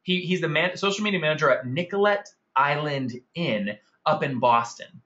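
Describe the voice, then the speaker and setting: A man's voice: a little high, animated, moderate pace, sharp tone, highs cut off. A man hosting a marketing webinar, talking enthusiastically and calling out attendees by name. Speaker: webinar host. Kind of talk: upbeat marketing webinar presentation.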